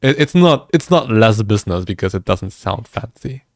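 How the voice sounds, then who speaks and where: A man's voice: on the low side, expressive, normal speed, dry recording. A man chatting casually with viewers during a livestream, laughing often and restarting his words as he goes. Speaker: music streamer.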